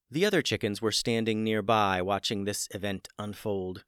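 A man narrating a children's story in a gentle storytelling manner, building the excitement through its dramatic parts. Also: on the low side, normal speed, hardly any pauses, smooth, dry recording, studio quality. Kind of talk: scripted narration.

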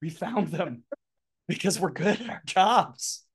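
A woman's voice: on the low side, expressive, slow pace, breathy edge. A woman co-hosting a sports podcast in casual chat, teasing and playfully exasperated. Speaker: podcast co-host and broadcast analyst.

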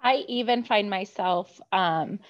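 A woman's voice: medium pitch, slow. A woman speaking in a thoughtful, reassuring way as a guest in a casual conversation. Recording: dull, muffled audio.

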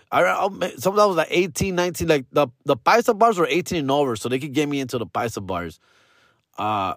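A man's voice: on the high side, dry recording, clean studio sound. A man, a comedian telling stories casually, full of slang and profanity and acting out the voices of people he quotes. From Los Angeles area. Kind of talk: casual storytelling.

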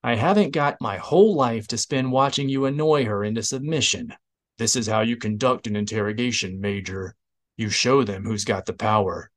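A woman's voice: very deep voice, expressive, normal speed, heavily acted. A man voicing a haughty, impatient female Imperial officer. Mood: exasperated. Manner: impatient and scornful.

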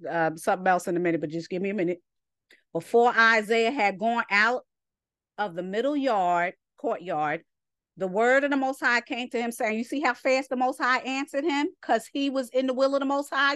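A woman's voice: a little high, normal speed, a bit bright, no room sound, clean studio sound. A woman leading a Sabbath Bible lesson, reading verses aloud and breaking off to comment in an emphatic, scolding, rhetorical way. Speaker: Bible study teacher.

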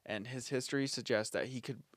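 A man's voice: mid-range voice, steady tone, fairly quick, dry recording, clean studio sound. A man co-hosting a casual podcast, reading facts from his notes and laughing often with his friends. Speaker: podcast co-host.

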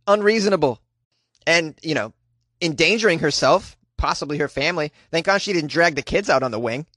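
Animated man doing sarcastic news riffs. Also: dry recording. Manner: animated, sarcastic, laughs often, jumps to high squeaky voice for quips. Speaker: host. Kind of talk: comedic news commentary.

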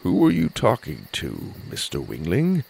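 A man voicing a huge, sleepy, gentle giant who speaks low, slow and hushed. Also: wildly swooping pitch, creaky, slightly rough, exaggerated voice. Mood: hushed, knowing.

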